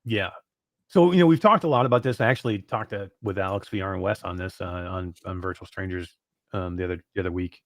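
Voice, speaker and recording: A man hosting a gaming podcast from his home studio, chatting in a relaxed way with casual swearing. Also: low-pitched, fast, no echo. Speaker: podcast host.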